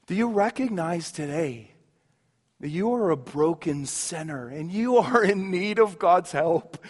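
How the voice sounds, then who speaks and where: A man preaching a sermon as a pastor, dropping to hushed tones and then rising into emphatic outbursts. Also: very high voice, in a large hall. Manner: swings from hushed intimacy to sudden emphatic outbursts.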